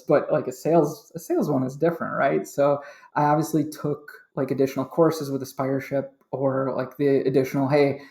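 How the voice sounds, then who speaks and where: A man's voice: mid-range voice, darkish tone, reverberant. A man speaking as a podcast guest, candid and chatty, laughing easily as he recounts his career change. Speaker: interview guest, sales manager. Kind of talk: casual interview chat.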